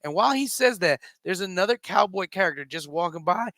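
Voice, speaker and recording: High, bright-voiced man in his forties. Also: a little fast, gravelly, dry recording. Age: 40s. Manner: animated, acts out quotes, stammers in bursts. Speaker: comedian and show co-founder. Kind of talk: comic storytelling on talk radio. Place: remote virtual studio.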